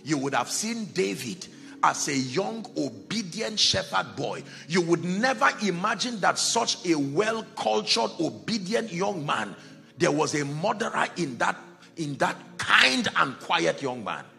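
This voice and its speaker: Pastor guy preaching dramatic, acts out bible people, high-ish voice, soft music under it. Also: sing-song, unhurried, gravelly. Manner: dramatic preaching, swings from hushed to shouting; acts out Bible characters in quoted dialogue. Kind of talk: sermon.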